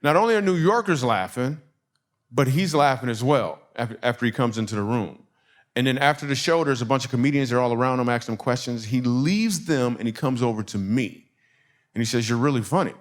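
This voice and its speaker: A man from Michigan doing stand-up storytelling in a church, animated and conversational, laughing through his punchlines. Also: mid-range voice, a little fast. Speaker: comedian.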